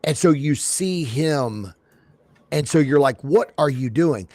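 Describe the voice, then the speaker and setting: Animated man co-hosting, slightly high. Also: slow, dry recording. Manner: animated, restarts, breaks into comic impressions. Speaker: podcast co-host. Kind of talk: casual sports banter.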